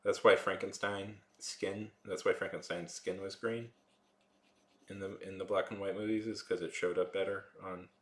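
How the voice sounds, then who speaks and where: A man's voice: low voice, steady tone, moderate pace, fairly bright tone, reverberant. A man chatting casually with his live-stream viewers, rambling with lots of fillers.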